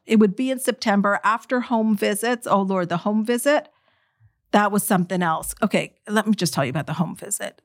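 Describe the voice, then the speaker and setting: A middle-aged woman telling her own story to an audience, emotional and animated, speaking straight to her listeners. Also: medium pitch, no room sound, studio quality. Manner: animated, emotional, direct address.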